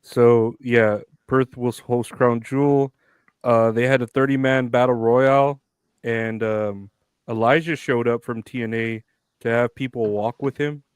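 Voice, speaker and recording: A man's voice: medium pitch, fairly even intonation, a little slow, smooth, no room sound. Male co-host, loose rambling delivery, laughs a lot, dry close mic. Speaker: podcast co-host. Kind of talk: casual chat.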